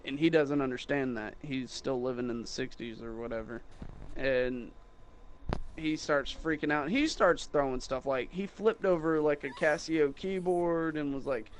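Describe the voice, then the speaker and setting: A young man who sells guitars, rambling through a mocking, animated story about rude customers in casual chat. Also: mid-range voice, moderate pace, a little hiss or hum. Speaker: guitar salesman.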